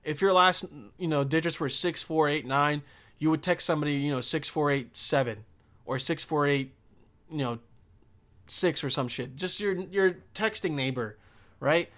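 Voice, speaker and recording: A man's voice: a little high, normal speed, fairly bright tone. A young man hosting a podcast, talking in a loose, rambling and profane monologue. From Bosnia. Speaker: podcast host.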